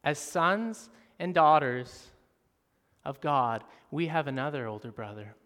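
Male pastor, high voice, long hall reverb, animated sermon delivery. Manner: animated, swings from soft and slow to loud and emphatic.

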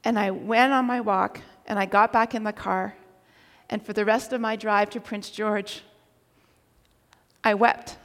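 A woman preaching a sermon, telling a personal story with animated delivery and occasional shouted quotes. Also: mid-range voice, measured pace, long pauses. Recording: long reverb of a large hall.

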